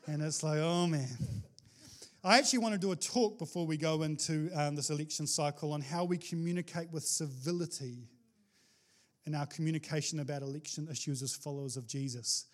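A man preaching a sermon as pastor, animated and jokey, with sudden exclamations to the congregation. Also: fairly high pitch, fairly quick.

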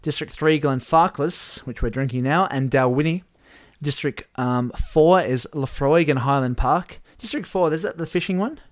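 Man giving lively play-by-play in a dry room. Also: a little high, moderate pace, no room sound. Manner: animated play-by-play, chuckling at the results. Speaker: host running a whisky-themed game simulation. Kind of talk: casual chat, reading out game events.

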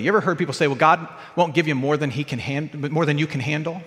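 A man preaching a sermon to his congregation, moving between loud emphatic lines and quiet low ones. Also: fast, few pauses. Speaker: pastor. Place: church sanctuary. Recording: church hall with long reverb.

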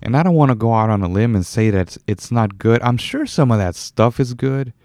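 A man's voice: medium pitch, expressive, a little fast, a little mellow, no echo, clean studio sound. A young man hosting a solo podcast, rambling casually, correcting himself and chuckling now and then. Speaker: podcast host.

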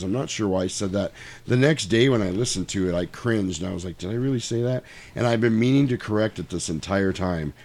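A man's voice: low voice, darkish tone. A man hosting a podcast, a little tipsy, chatting loosely and cursing freely. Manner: loose, rambling, profane. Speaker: podcast host. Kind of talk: casual chat.

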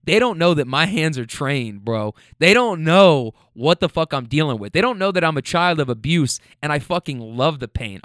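A man's voice: fairly high pitch, fairly bright tone, no room sound, studio quality. A young man animatedly retelling a bar confrontation in a casual, profane monologue, full of restarts and heated quoted lines. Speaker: storyteller.

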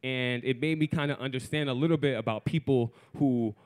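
A man around thirty telling a frank personal story in a candid, profane, self-mocking way, swinging between loud bursts and hushed asides. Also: mid-range voice, a little fast. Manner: animated, shifts from loud to hushed.

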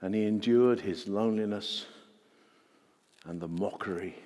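A man's voice: fairly low pitch, a little slow, mellow. Earnest male preacher in a reverberant church. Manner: earnest, repeats words for emphasis, asks the congregation questions. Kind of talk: sermon.

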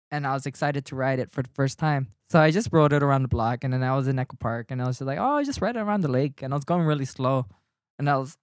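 An American man co-hosting a podcast, swearing freely and laughing as he rambles through stories. His voice sits mid-range and sounds close and dry, with no room echo. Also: mid-range voice. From United States. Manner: profane, laughing, rambling storyteller. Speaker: podcast co-host. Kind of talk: casual chat.

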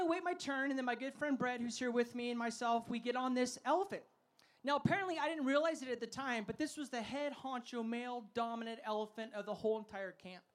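A man giving a sermon as a festival speaker. He tells funny stories and has the audience shout words back to him. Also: very high voice. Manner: energetic, asks the crowd to call back; humorous storytelling.

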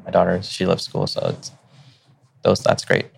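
A middle-aged man, a teacher telling stories in a relaxed, rambling way full of fillers. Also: low voice, normal speed, gravelly, slight background noise. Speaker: teacher and podcast guest. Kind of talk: casual conversation.

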